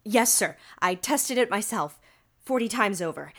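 A wronged young programmer in a radio drama, earnest and keyed up, at a middle pitch for a woman. She speaks plainly and eagerly. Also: lively intonation, unhurried, a bit bright.

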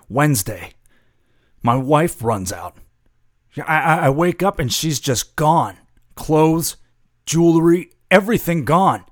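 A man's voice: mid-range voice, no room sound, clean studio sound. A man playing a bitter newsstand vendor confessing a killing in a radio drama, profane and agitated.

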